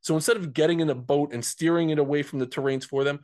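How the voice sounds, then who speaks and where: A man's voice: on the high side, fairly even intonation, quick pace, darkish tone, dry recording, clean studio sound. A man from New Jersey, a men's coach telling a personal story as a podcast guest, earnest and conversational, often repeating words.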